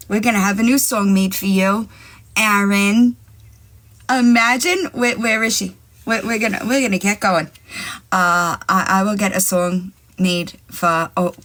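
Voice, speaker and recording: A woman's voice: medium pitch, a bit bright. A woman hosting a live stream in casual chat, brash and profane, taunting her rivals and rambling to her chat on a phone mic. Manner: rambling, talks straight to chat. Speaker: livestream host.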